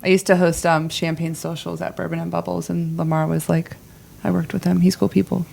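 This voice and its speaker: Sex: female. Role: business owner, podcast guest. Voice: low, flat, with vocal fry. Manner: candid, opinionated, filler-heavy. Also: a little fast, slight background noise. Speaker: digital marketing CEO guest. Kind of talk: casual interview chat.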